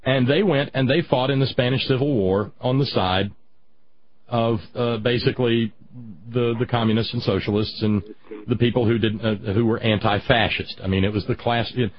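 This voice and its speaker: A husky male talk host rambles through politics with many restarts and fillers, reading chat comments aloud. The sound is dull and muffled, like a radio show. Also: medium pitch, fairly even intonation, moderate pace.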